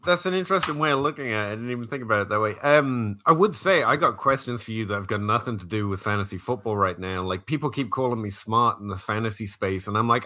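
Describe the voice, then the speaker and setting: A man with an English accent, a guest on a casual podcast, talking in an animated, self-deprecating way and laughing at himself. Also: lowish voice, fast talker, hardly any pauses. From England.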